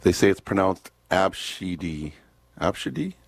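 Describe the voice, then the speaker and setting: A man's voice: sits low, lively intonation, moderate pace, no echo. A man hosting a casual radio chat, easygoing and rambling, often chuckling. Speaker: radio host.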